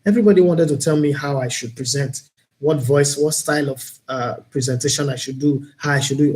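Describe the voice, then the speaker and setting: Speaking briskly in a slightly high, darkish voice, this Nigerian-accented host and broadcaster runs a live-streamed talk show. His manner is earnest, opinionated and reflective.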